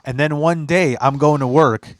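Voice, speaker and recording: A man's voice: on the high side, normal speed, no room sound, studio quality. A young man hosting a podcast, telling stories in casual chat, acting out quotes and swearing freely. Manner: animated storyteller, acts out quotes, swears a lot. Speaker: podcast host.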